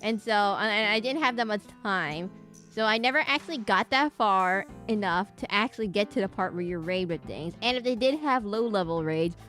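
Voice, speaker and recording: A woman's voice: mid-range voice, moderate pace, fairly bright tone, faint music behind. A woman VTuber streaming a game, rambling in casual chat with lots of laughs and self-interruptions.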